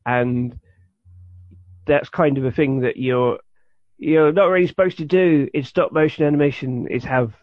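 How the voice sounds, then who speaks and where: This podcast co-host rambles through a casual chat, restarting often and using many fillers. His voice is a little high and a little slow. There's no echo, though the recording sounds dull and lo-fi.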